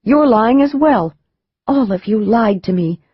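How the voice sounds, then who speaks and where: Man playing a raging mother, high strained yells; audiobook. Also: lively intonation, a little slow, slightly rough, no room sound, lo-fi sound, full character voice. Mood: furious. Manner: shouting, raging, accusing. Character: furious wealthy middle-aged mother.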